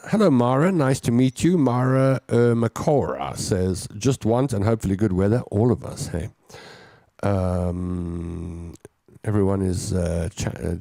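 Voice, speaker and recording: A man's voice: on the low side, creaky, dark tone, no room sound, clean studio sound. Chatty man hosting a show. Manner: chatty, reads comments aloud and riffs on them. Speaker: radio show host reading listener comments. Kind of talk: casual chat.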